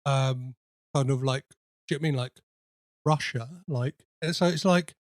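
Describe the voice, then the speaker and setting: A man hosting a podcast, chatting casually about a film in a halting way, with many fillers and restarts. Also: mid-range voice, no room sound, clean studio sound. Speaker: podcast host.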